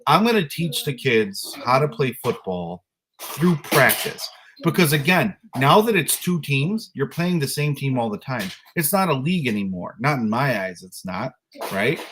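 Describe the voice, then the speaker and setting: A man co-hosting a podcast, telling a casual story about coaching youth flag football in an exasperated, animated way. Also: medium pitch, moderate pace, a little hiss or hum. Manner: animated, exasperated ranting with mimicked voices.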